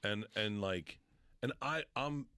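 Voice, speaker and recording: Animated, self-deprecating middle-aged man, deep voice. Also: slow, clean tone, no room sound. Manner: animated, self-deprecating, heavy swearing, acts out voices in anecdotes. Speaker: podcast guest, comedian. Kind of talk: casual storytelling.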